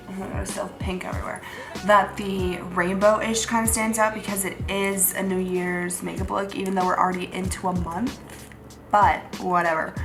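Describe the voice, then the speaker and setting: A young woman vlogging casually while doing her makeup, chatty and rambling, swearing offhandedly. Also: medium pitch. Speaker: beauty vlogger. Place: room at home, seated at a makeup chair. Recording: roomy echo.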